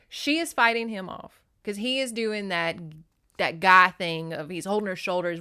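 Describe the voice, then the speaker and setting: A woman hosts a podcast, recapping a romance novel in a chatty, sarcastic way. Her voice is bright and forward, and she swears freely. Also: mid-range voice, takes it slowly, smooth. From Shreveport, Louisiana, US. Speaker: podcast host. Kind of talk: casual comedic book recap.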